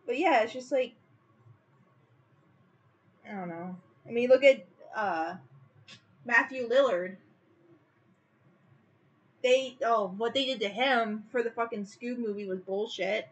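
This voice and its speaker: Woman streamer, fairly high voice, rambling and opinionated chat with lots of "like", muffled lo-fi mic. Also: slow pace, long pauses, slightly rough. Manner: rambling and opinionated, heavy use of "like". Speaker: artist streaming her drawing. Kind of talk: casual livestream chat.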